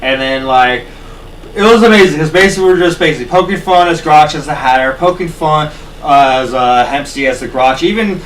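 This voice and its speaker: Animated, profane man on a podcast. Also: on the high side, fairly quick. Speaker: podcast co-host. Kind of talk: casual chat. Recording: distant mic with faint noise.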